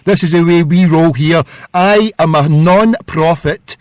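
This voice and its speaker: A man's voice: fairly high pitch, a little slow, no echo, clean studio sound. A man with a Scottish accent calling a radio phone-in, chatty, rambling and earnest. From Scotland. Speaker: caller.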